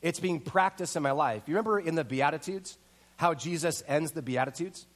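A middle-aged man preaching a sermon, telling a lively personal story and acting out the voices in it. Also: on the high side, brisk. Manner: animated storyteller, acts out voices and quotes. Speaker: pastor.

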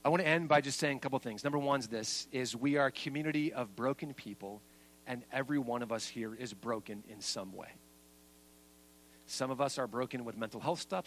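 A man preaching a sermon as pastor, making points with lively emphasis. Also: a little hiss or hum, poor audio. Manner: lively and emphatic, then soft and low at the close.

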